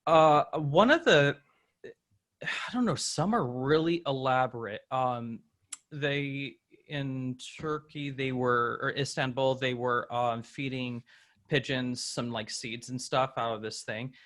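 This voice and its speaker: Podcast host, male, bright tone, lively anecdotes with mimicked voices. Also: mid-range voice, slow pace. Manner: animated storytelling, acts out quoted people; many fillers and restarts. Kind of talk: casual conversation.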